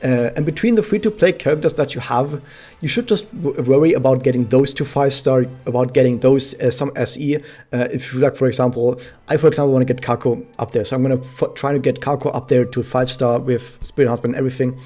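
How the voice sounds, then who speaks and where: Chatty male streamer, mellow voice. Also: mid-range voice, fairly even intonation, quick pace. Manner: chatty, explains pronunciation with many fillers. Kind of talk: casual gameplay commentary to chat.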